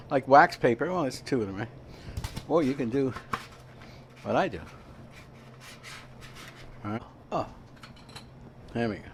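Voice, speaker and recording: Casual male home-cook host, slightly raised pitch, rambling friendly demo talk. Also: a little hiss or hum. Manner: chatty, rambling, frequent "all right?" check-ins. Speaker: home cooking show host. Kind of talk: casual cooking demonstration. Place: kitchen at a veterans' hall.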